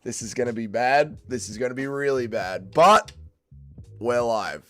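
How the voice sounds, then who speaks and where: A man's voice: mid-range voice, expressive, a little slow, sharp tone, faint music behind. An Australian man hosting a casual livestream, chatting and swearing with his viewers while still drunk and tired after a late night. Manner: swearing, laid-back banter with chat. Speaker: livestream host.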